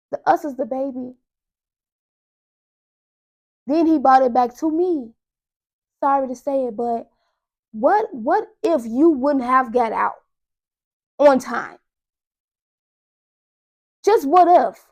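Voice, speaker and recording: A young woman with a high voice hosts her own podcast. She tells a story in a loose, animated way and keeps talking straight to her listeners. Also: slow, long pauses. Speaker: podcast host. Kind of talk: casual monologue.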